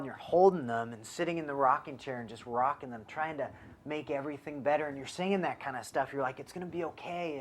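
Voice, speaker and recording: A young man, a father and youth pastor, giving an earnest devotional talk from his child's bedroom; he speaks conversationally and grows impassioned. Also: a little high.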